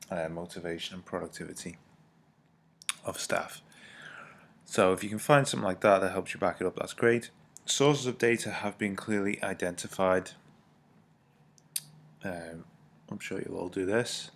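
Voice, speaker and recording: A man teaching in a recorded lesson walkthrough, informal and self-correcting, with apologetic asides. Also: sits low.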